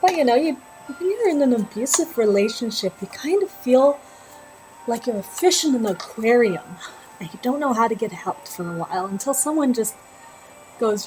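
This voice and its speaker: A woman's voice: a little high, moderate pace, pauses often, faint music behind, poor audio. A woman hosting a knitting livestream, chatting and laughing as she tells a personal story. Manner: chatty and animated, laughing often. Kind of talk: casual storytelling while knitting.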